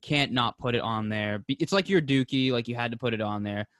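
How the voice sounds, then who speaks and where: A young man co-hosting a casual podcast, swearing freely, laughing often and talking with animated energy. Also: medium pitch, fairly quick, no room sound. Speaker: podcast co-host.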